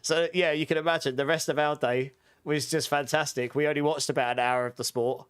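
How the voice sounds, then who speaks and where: A man's voice: on the high side, fairly even intonation, fairly quick, a bit bright, clean tone. A man chatting casually while streaming a game, answering his chat and telling long rambling anecdotes.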